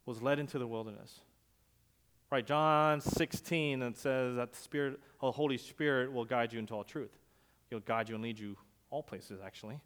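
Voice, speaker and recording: A male pastor preaching a sermon, telling stories conversationally and swinging from loud emphasis to quiet asides. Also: mid-range voice, moderate pace, smooth. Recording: long hall reverb.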